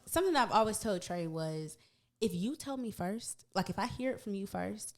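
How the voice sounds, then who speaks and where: A young woman, a podcast guest, telling a story in casual chat with lively emphasis. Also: medium pitch, normal speed.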